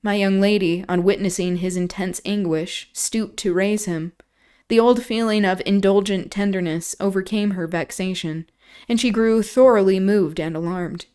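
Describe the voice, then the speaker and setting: A woman hosting a livestream, reading a classic novel aloud in steady narration with casual asides. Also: medium pitch, normal speed, clean tone. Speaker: streamer and host.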